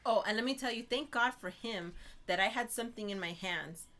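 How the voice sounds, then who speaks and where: A young woman co-hosting a casual chat, telling an animated, exasperated story and checking in with "right?" often. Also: a little high, brisk.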